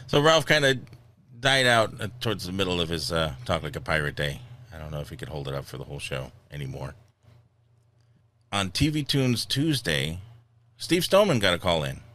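Male podcast host, very deep, animated, casual chat. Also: fairly quick.

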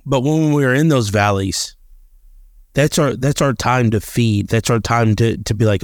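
A man's voice: mid-range voice, moderate pace, no echo, studio quality. A man co-hosting a podcast, talking earnestly about faith and reading scripture aloud, often repeating and restarting his words. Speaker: podcast co-host.

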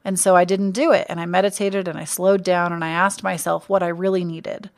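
A woman's voice: fairly low pitch, flat delivery, a little fast. A young adult woman hosting her own podcast, talking casually and earnestly about empathy, reflective and conversational. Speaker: podcast host. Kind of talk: casual solo podcast talk.

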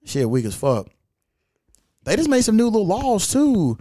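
A man hosting a podcast, telling animated, profane stories in a casual chat and acting out the quotes. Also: sits high, moderate pace, no echo, clean studio sound. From California. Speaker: podcast host.

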